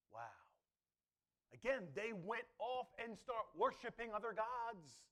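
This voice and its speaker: Man, pastor, high voice, sermon, emphatic, asks the congregation for responses. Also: big pitch swings, slow, a bit bright.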